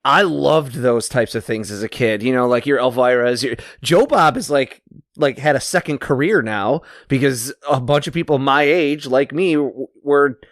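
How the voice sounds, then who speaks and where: A man co-hosting a podcast, asking rambling questions in a relaxed, casual way. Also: medium pitch, normal speed, dry recording, studio quality. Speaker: podcast co-host, interviewer. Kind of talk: casual interview.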